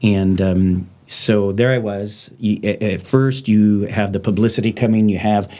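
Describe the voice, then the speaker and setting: A man's voice: lowish voice, steady tone, measured pace, a little mellow. A middle-aged man and former lawman hosting a podcast, speaking in a raw, blunt, heartfelt way. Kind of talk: candid podcast conversation.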